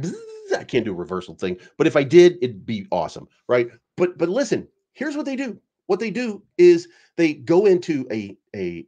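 Brief: male online host, lively swooping pitch, rambling sarcastic rant, swears freely. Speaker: crypto YouTube commentator. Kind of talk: casual ranting commentary.

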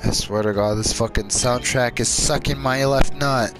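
A man hurls a steady stream of profane insults at the computer players during a card game. His voice sits at an ordinary pitch, and clearly audible game music runs underneath the whole time. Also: normal speed, low-quality recording. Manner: profane, angry trash-talking at the game. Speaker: gamer playing online card game. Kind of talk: gameplay chat. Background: game soundtrack music.

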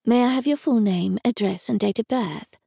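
A woman's voice: fairly high pitch, normal speed, gravelly, warm tone, husky, dry recording, studio quality. An Australian woman voicing a polite, businesslike receptionist. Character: polite brisk female receptionist.

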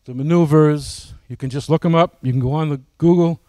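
A man's voice: a little high, steady tone, brisk, mellow, no room sound. A man giving a casual, folksy presentation to his flying club, often asking the audience questions.

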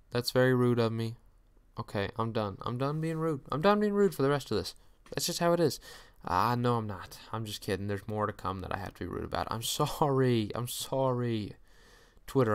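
Guy going over earnings for his channel, jokey, mock rants then says sorry, clear smooth voice. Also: mid-range voice. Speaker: stock market YouTuber. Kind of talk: casual solo commentary.

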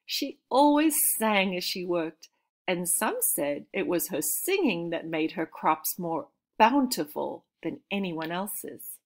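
Slow, calm woman reading a storybook. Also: fairly low pitch. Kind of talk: reading a children's storybook aloud.

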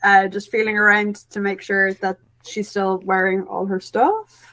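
A woman's voice: medium pitch, level tone, measured pace, fairly bright tone. A woman playing a tabletop game, chatting casually with lots of fillers. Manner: chatty, filler-heavy, laughing. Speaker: player.

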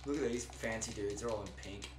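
A man's voice: on the low side, fairly quick, faint music behind. Laid-back young man gaming. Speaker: gameplay commentator. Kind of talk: casual gaming chat. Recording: roomy with faint noise.

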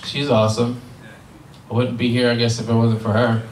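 Male stand-up comedian, profane animated storytelling, mic off at a distance, roomy live club. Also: medium pitch, fairly quick, very noisy. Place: cannabis club comedy show before a live audience.

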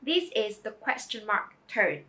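Slow, bright-voiced woman language tutor. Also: medium pitch, very animated. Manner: slow, careful, encouraging teacher. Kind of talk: pronunciation lesson.

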